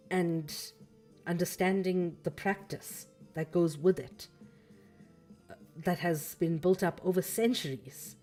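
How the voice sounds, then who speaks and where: A woman's voice: deep voice, mellow. A woman hosting a casual livestream, reading a book and talking it through thoughtfully, with fillers and self-corrections and a slightly scratchy throat.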